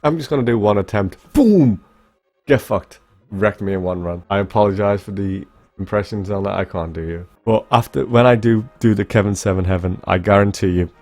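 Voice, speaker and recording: Young man, deep low voice, casual livestream chatter, profane and rambling, quiet music behind. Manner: rambling, swearing, talks straight to chat. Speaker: speedrunner streamer. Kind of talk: casual livestream chat with viewers.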